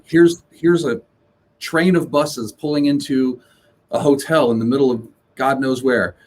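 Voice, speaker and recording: A man speaking as a guest on a casual podcast, blunt and rambling, restarting sentences and swearing. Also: mid-range voice. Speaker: guest, live sound engineer. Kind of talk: casual interview chat.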